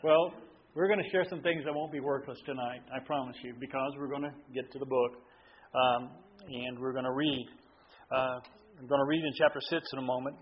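A man's voice: mid-range voice, breathy edge. A man preaching a sermon, telling stories in a folksy way with many fillers and restarts. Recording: dull lo-fi sound with faint room noise.

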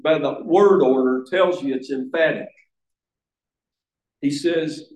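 A man's voice: high voice, slow. Earnest preacher man in an echoey room. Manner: earnest, emphatic, with restarts. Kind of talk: sermon. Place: church sanctuary.

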